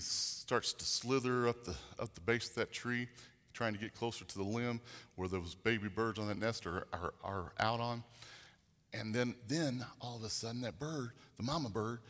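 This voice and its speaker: A man's voice: mid-range voice, animated, moderate pace, a bit bright, breathy edge, long reverb tail. A man preaching a sermon, telling a story in a rambling, folksy way with frequent restarts. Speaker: pastor.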